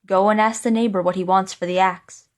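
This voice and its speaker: A woman doing a calm young scholar. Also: mid-range voice, a little fast, close to an everyday voice. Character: clever young male scholar, calm and sure. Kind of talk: storybook reading.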